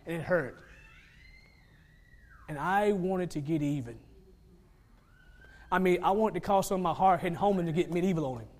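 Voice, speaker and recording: Male preacher, high voice, dynamic delivery that drops soft then builds loud, acts out quoted speakers. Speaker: pastor. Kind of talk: sermon.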